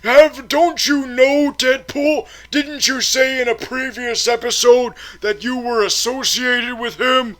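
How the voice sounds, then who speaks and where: A man's voice: very high-pitched, fairly even intonation, slow, few pauses, bright, forceful tone, exaggerated voice. A man voicing a skeptical male sidekick who needles with pointed questions. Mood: needling.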